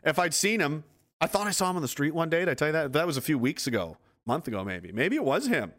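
Guy rambling on his stream, swears a lot, laughs a bunch, voice a bit high. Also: big pitch swings, quick pace, fairly bright tone. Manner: rambling, profane, laughs often. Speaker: livestream host reading chat. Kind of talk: casual livestream chat.

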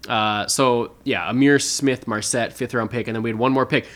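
A podcast co-host chats casually about sports, rambling with plenty of fillers and restarts. His voice is medium-pitched and fairly bright, with fairly even intonation and a moderate pace.

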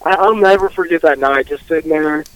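A man co-hosting a podcast, reminiscing in a halting, nostalgic way. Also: a little high, no echo, lo-fi sound. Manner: nostalgic, halting, lots of restarts. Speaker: podcast co-host. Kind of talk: casual chat.

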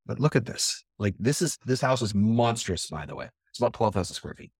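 A man hosting a podcast in a casual monologue to his camera, blunt and profane, animated and emphatic. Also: lowish voice, fairly quick, husky, no echo, clean studio sound. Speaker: podcast host. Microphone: computer camera at a desk.

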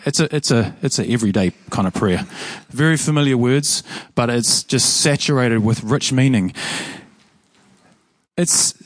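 A man's voice: mid-range voice, dry recording. A man with a New Zealand accent preaching a sermon as pastor, earnest and emphatic, often restarting and repeating words. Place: church.

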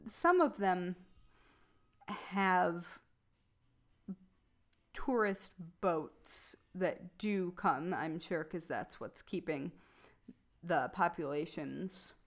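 A woman's voice: on the low side, extremely slow, long pauses. A woman with a Midwestern American accent, co-hosting a podcast in casual, rambling chat full of fillers. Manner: relaxed, rambling, many fillers. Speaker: podcast co-host.

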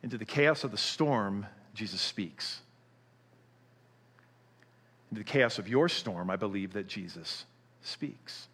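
A middle-aged man preaching a sermon, telling a story with animation before turning quiet and earnest. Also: lowish voice, expressive, normal speed, breathy edge. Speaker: pastor.

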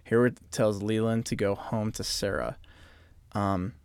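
A man's voice: on the low side, unhurried, vocal fry, clear, resonant tone, no room sound, studio quality. A man co-hosting a casual chat, recapping a TV episode scene by scene and riffing on it with friends. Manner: animated, recaps plot then riffs. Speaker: podcast co-host.

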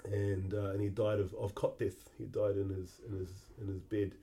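A middle-aged man, hosting a podcast and telling a personal memory in a halting, reflective way that often repeats words. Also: lowish voice, flat delivery, warm tone. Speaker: podcast host.

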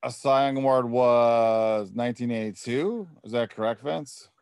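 A man in a measured, casual tone shares baseball notes on a podcast. His pitch sits in the middle range. The sound is dry and close. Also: a little mellow, clean tone, no room sound. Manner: measured, fills pauses with um and uh. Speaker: podcast co-host. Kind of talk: casual sports chat.

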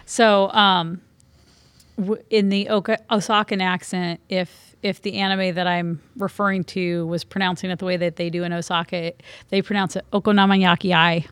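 Lady podcast co-host, lowish voice, dry sound, chatty explaining. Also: little pitch movement, normal speed, clean tone, no echo. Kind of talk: casual chat.

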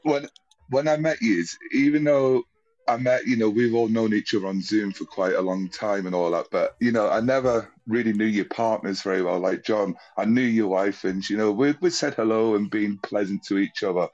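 A chatty man with a somewhat low voice, calling in to tell a long, rambling story. He laughs often as he goes and drops the odd casual swear word, in a loose, conversational tone. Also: moderate pace, darkish tone, dull audio. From England. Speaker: guest calling in.

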